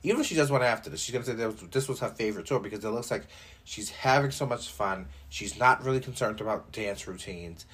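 A man's voice: fairly low pitch, fast, husky. A young man hosting his own podcast, chatting casually and joking, with plenty of swearing and filler words. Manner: animated and joking, with frequent profanity and filler likes. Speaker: podcast host. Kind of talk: casual solo podcast chat.

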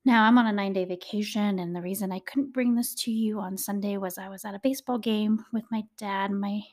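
A woman's voice: mid-range voice, steady tone, brisk, a little mellow. A woman hosting a true crime podcast, telling the case in a chatty, conversational way with dramatic emphasis. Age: adult, a parent. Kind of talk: casual true-crime storytelling.

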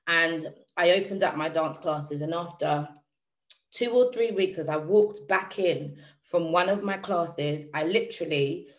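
A woman speaking to her audience, telling a personal story in a lively, emphatic, slangy way and often repeating phrases for effect. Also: lowish voice. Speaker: motivational speaker.

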